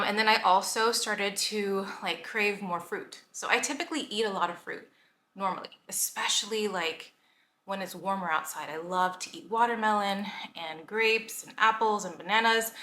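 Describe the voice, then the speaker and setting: Bright chatty woman in an echoey room. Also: medium pitch, a little hiss or hum. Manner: chatty, many "like" fillers, laughs often. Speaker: vlogger. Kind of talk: casual talk to camera.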